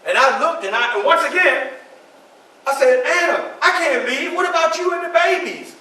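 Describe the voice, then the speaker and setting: A spirited, proud statesman, as a man acts him out tells his story in first person and keeps turning to address listeners. His voice sits high and bright. It comes from a distance in a very reverberant library hall with a faint hiss. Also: normal speed, heavily acted. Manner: animated, addresses the audience directly. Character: Frederick Douglass, proud male orator and statesman. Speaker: historical reenactor. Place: library event room, indoors.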